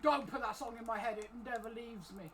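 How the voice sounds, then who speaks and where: A woman's voice: on the high side, fairly quick, a little hiss or hum, low-quality recording. A woman playing a tabletop game who chats casually and makes self-deprecating, swearing asides. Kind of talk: casual chat.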